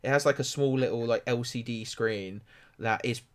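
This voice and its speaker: A man's voice: medium pitch, moderate pace. A man narrating as game master, rambling with many fillers. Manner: rambling, filler-heavy description.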